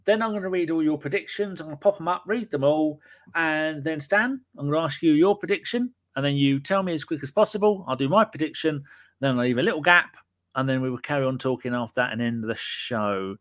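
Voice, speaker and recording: A man's voice: on the high side, brisk, a bit bright. A man hosting a casual podcast and live chat. He talks in cheeky, sweary, jokey banter. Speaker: podcast host.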